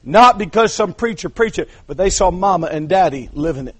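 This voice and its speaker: A man preaching an impassioned sermon, dropping to hushed asides and then building to shouted climaxes. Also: high voice, expressive, brisk, slightly rough. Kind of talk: revival sermon.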